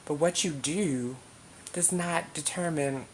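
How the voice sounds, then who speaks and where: A woman's voice: low voice, slow, darkish tone, a little hiss or hum. A young woman talking casually to camera in a vlog, emphatic and rambling, with lots of swearing. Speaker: vlogger.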